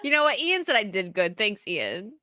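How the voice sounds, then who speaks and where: A bright-voiced American woman chatting on a live stream, her pitch leaping around as she giggles through donation shout-outs. The sound is dry and close. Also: very animated, moderate pace, no room sound. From United States. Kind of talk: casual chat.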